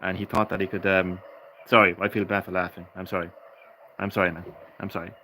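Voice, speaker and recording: A man's voice: low-pitched, flat delivery, quick pace, noisy background. A tired man commentating a live game stream, chatting with viewers, laughing often and swearing casually.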